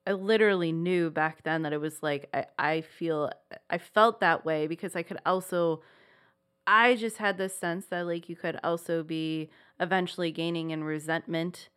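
A woman's voice: on the low side, fairly even intonation, normal speed, fairly bright tone, smooth. A woman co-hosting a podcast in casual chat, rambling with lots of "like" and restarts. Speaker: podcast co-host.

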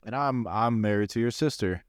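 A young man with a lowish voice who delivers wry quips in a deadpan way. The talk is casual comedic banter. The sound is dry and close. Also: normal speed, clean tone, no room sound.

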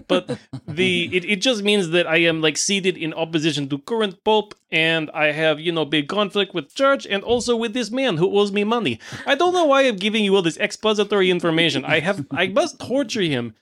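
A scheming hooded anti-pope with a thick put-on accent, pitched well above the man who plays him's own voice and pushed a little louder. He talks down to others, over-explains his schemes, and tips into frantic shouting. Voiced by a man in a comedy tabletop game. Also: lively intonation, normal speed. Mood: pompous.

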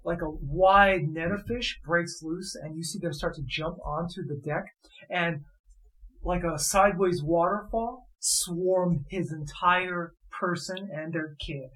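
A man's voice: high-pitched, unhurried, rough recording. Playful man running a tabletop game. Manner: animated, playful storytelling. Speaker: game master.

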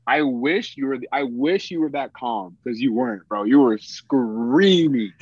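A man's voice: mid-range voice, a little slow, hardly any pauses, darkish tone, husky, dull audio. A young man guesting on a casual chat with a friend, laid-back and slangy, teasing and full of fillers. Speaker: podcast guest.

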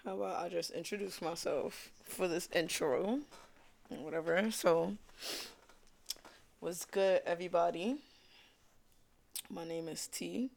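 A man's voice: high voice, steady tone, slow pace, gravelly, long pauses. A young man from Brooklyn with a New York accent, hosting his own podcast in a laid-back, slangy, rambling chat. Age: young adult. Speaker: podcast host. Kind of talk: casual solo podcast chat.

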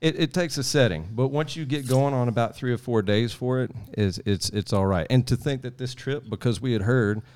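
A man's voice: mid-range voice, fairly quick, few pauses, a little mellow, smooth. A man from Texas, telling a rambling, folksy travel story as a podcast guest. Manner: rambling, folksy, chuckling asides. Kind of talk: casual storytelling.

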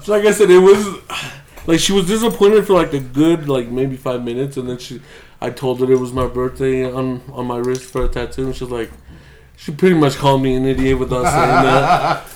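A man's voice: medium pitch, steady tone, normal speed. A young man telling a loose, rambling story on a casual podcast and laughing often. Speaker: podcast co-host.

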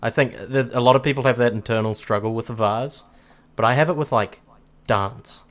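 A man's voice: mid-range voice, fast talker. A man with a New Zealand accent chatting casually as a podcast guest, rambling through stories, laughing often and swearing casually.

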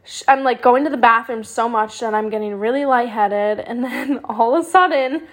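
A woman's voice: fairly high pitch, moderate pace. Chatty young woman telling stories. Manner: chatty and animated, with frequent "like", swearing and laughter. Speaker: podcast host. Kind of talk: casual storytelling monologue.

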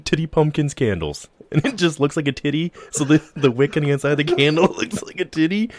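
A man's voice: fairly high pitch, animated, brisk, background noise. A man chatting as a podcast guest, joking and laughing often. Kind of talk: casual podcast chat.

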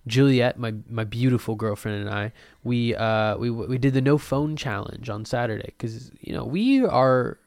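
A man's voice: mid-range voice, normal speed, gravelly, no echo. Rambling, joking young man alone at a desk. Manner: rambling, joking and self-mocking, with sudden loud bursts and mumbled asides. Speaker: podcast host. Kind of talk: solo podcast monologue. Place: at a desk at home.

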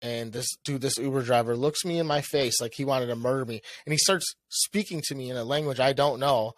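A young man co-hosting a podcast, telling a story in casual chat. He swears a lot and acts out what he said with a rising, animated voice. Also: mid-range voice, a little fast. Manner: animated, swears often, acts out his own lines with a rising voice. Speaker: podcast co-host.

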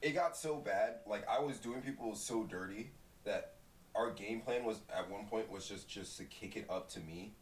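A young man with a slightly low voice tells a loose, profane story, full of "like" and fillers. He sits well back from the mic in a roomy space, with a faint hum of noise behind him. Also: moderate pace, far from the mic. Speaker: guest. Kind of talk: casual chat.

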